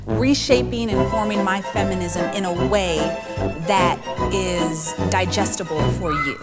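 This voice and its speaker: A woman in a debate, speaking firmly and deliberately. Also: medium pitch, loud music behind the voice. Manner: firm, deliberate. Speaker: debate participant.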